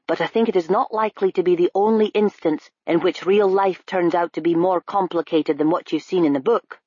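A woman's voice: fairly low pitch, fairly quick, mellow, husky, no echo, highs cut off. A woman doing a blunt constable. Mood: lecturing. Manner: blunt, lecturing, sneering at times. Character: gruff older male Scottish constable, blunt teacher. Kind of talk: audiobook character voice.

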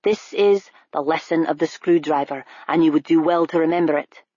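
A woman's voice: low voice, moderate pace, dark tone, husky, no echo, lo-fi sound. A woman doing a blunt constable. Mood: lecturing. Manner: blunt, lecturing, sneering at times. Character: gruff older male Scottish constable, blunt teacher. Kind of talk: audiobook character voice.

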